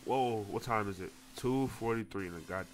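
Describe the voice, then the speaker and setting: Loud, swearing gaming streamer man. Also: lowish voice, moderate pace, background noise. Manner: loud, slangy, swears a lot, talks to the game. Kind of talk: horror game commentary.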